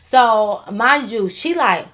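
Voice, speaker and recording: A young woman vlogger bluntly telling a storytime tale, animated and full of profanity. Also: a little high, takes it slowly. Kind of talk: storytime vlog.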